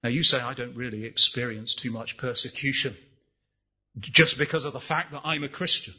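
A man's voice: mid-range voice, moderate pace, breathy edge, lo-fi sound. A man preaching a sermon, impassioned, rising and falling, asking the congregation rhetorical questions.

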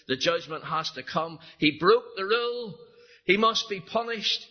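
A man's voice: high-pitched, expressive, a little slow, highs cut off, voice pushed up. A man voicing a stern male schoolteacher who firmly insists the rule must be enforced. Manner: firm, insistent.

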